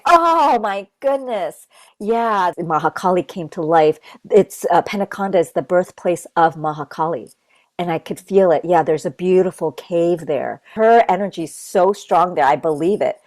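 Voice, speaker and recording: Guest: earnest woman from Japan, low-pitched, chatty and filler-heavy, dry close sound. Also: animated, normal speed, a little mellow, no room sound. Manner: earnest, loose, full of "like" and "you know". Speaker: interview guest. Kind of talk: casual spiritual conversation.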